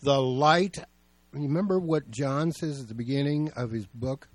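A man's voice: mid-range voice, unhurried, no echo. A male pastor preaching a sermon, telling stories in a plain, conversational way.

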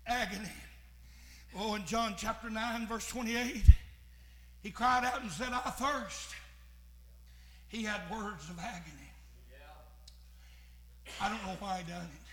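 A man preaching a sermon, moving from hushed, slow phrases to shouted, fervent preaching. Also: high voice, echoey room.

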